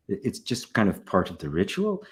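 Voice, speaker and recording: An older man, a spiritual teacher, giving a relaxed satsang talk, often checking in with "right?" and soft laughs. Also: on the low side. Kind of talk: satsang talk, answering questions.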